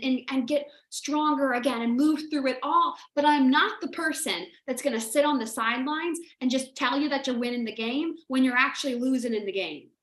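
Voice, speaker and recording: A woman mentor gives a motivational livestream with a high voice, talking straight to her viewers. She is emphatic and emotional and says the same key phrases again and again. Her voice rings a little in an echoey room. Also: moderate pace, hardly any pauses, fairly bright tone. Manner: emphatic, repetitive and emotional, addressing viewers directly. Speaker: business mentor hosting a livestream.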